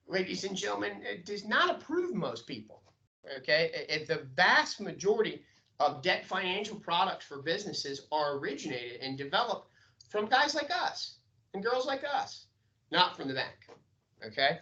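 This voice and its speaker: A man's voice: high-pitched, big pitch swings, normal speed, pushed and bright, highs cut off. A man giving an emphatic sales training lecture and checking in with his listeners. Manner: emphatic, coaching, asks "okay?" often.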